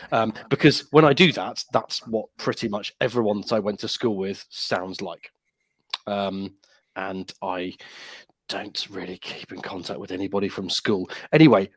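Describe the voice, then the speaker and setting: A man's voice: fairly low pitch, dry recording. A man co-hosting a casual podcast, rambling and joking with lots of fillers and restarts. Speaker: podcast co-host.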